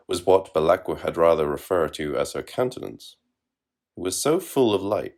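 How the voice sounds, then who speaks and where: A man narrating literary fiction in a measured, wry reading. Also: low voice, expressive, a little mellow.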